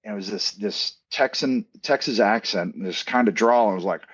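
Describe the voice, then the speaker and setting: A middle-aged man from Canada, a podcast guest telling stories in a casual, animated way with jokey asides and plenty of fillers. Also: medium pitch, normal speed, breathy edge, highs cut off. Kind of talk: casual storytelling interview.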